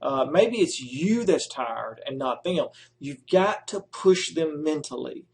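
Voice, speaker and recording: A man's voice: a little high, lively intonation, slow, creaky, a little mellow. A middle-aged man who supervises student teachers, giving emphatic advice and repeating his key points.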